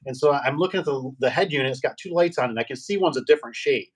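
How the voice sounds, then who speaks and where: A middle-aged man, a garage door business owner, chatting casually and telling rambling, animated stories with acted-out quotes. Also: medium pitch, very fast, husky. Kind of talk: casual storytelling chat.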